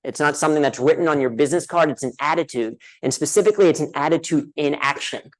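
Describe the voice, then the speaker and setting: A man's voice: fairly high pitch, quick pace, low-quality recording. An American man giving a humorous keynote speech at a conference, telling a self-deprecating story to the audience and asking "right?" often. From United States. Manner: addresses a live audience directly. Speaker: conference speaker. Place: conference hall.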